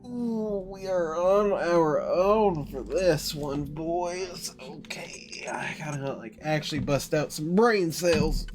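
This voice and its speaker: A streamer from California giving profane, animated live gameplay commentary, now and then slipping into a joking southern drawl. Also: mid-range voice, slow pace, hardly any pauses, a crowd in the background. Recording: game music behind the voice. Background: game music and sound effects.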